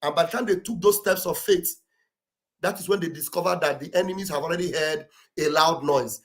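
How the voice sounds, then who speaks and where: Booming Nigerian man preaching on a livestream. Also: brisk. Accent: Nigerian English with Pidgin. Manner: loud, preachy, shouting exhortations. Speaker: livestream commentator. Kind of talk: impassioned livestream address. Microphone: streaming setup mic.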